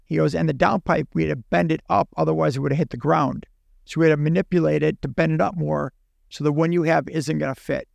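Man, gravelly voice, slightly high, animated storyteller, dry close sound. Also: fast, dry recording. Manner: animated, acts out dialogue in his own voice. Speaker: podcast guest. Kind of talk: casual storytelling.

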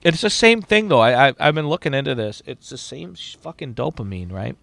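Gruff, swearing man, bright and dry. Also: mid-range voice, animated, brisk, no room sound. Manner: profane, rambling, many restarts. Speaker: podcast host. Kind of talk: casual chat.

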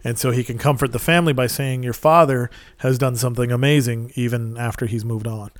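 A man's voice: mid-range voice, fairly even intonation, fairly quick, dry recording. A man telling stories in casual chat, rambling and enthusiastic with plenty of fillers.

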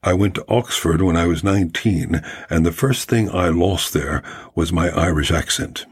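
A man's voice: sits low, moderate pace, breathy edge. A man voicing an arrogant, witty Victorian male writer with a delightfully haughty, theatrical air and no put-on accent. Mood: arrogant, amused.

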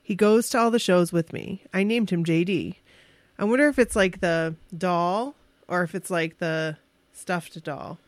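A woman casually telling an excited, emotional story on a podcast, with restarts and quick bursts. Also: fairly low pitch, no room sound.

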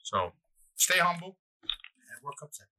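Young guy podcast host, husky bright voice, swings his pitch all over telling a crude story. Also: measured pace, low-quality recording. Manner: animated, profane, rambling storyteller. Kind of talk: casual storytelling chat.

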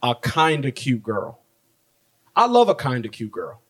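A man's voice: medium pitch, huge pitch swings, unhurried. A young man co-hosting a podcast in casual chat, telling a story and acting out the quotes with some swearing. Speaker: podcast co-host.

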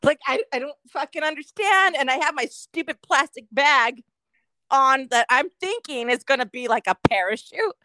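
Woman chatting on a podcast, swears a lot, high voice, super dry close sound. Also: lively intonation, normal speed, sharp tone, dry recording. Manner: profane, wry, rambling anecdotes. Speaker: podcast co-host. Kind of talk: casual storytelling chat.

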